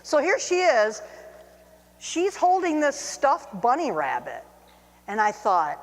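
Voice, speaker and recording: A middle-aged woman telling a personal anecdote, lively and self-mocking, acting out her own reactions. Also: sits high, takes it slowly, long pauses. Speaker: storyteller. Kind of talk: personal anecdote told to camera. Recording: long hall reverb.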